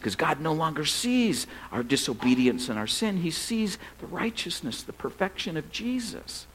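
A middle-aged man preaching as a pastor, telling funny stories in a relaxed, conversational way. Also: sits high, slightly rough, rough recording. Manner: conversational, humorous storytelling. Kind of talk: sermon.

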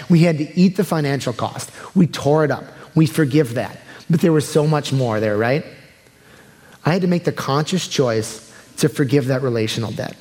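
A man's voice: a little high, a little mellow, long reverb tail. A young adult man preaching a sermon in a conversational way, acting out the people he quotes. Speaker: pastor.

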